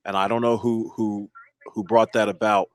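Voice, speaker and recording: A man's voice: lowish voice, level tone, normal speed, no echo, studio quality. A man co-hosting a casual talk show, chiming in with blunt, profane and wry remarks. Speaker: podcast co-host.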